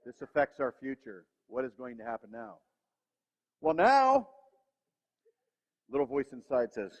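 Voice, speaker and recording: A man's voice: medium pitch, big pitch swings, a little slow, long pauses. A male pastor giving a sermon in a church, self-deprecating and acting out the voices in his head. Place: church sanctuary. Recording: reverberant hall, dull lo-fi sound.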